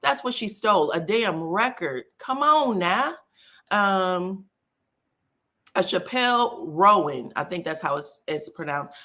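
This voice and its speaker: Woman, gossip stream host, bright forceful voice, chatty and exclamatory, reads viewer comments. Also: on the low side, lively intonation, slow. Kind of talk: casual live-stream gossip chat.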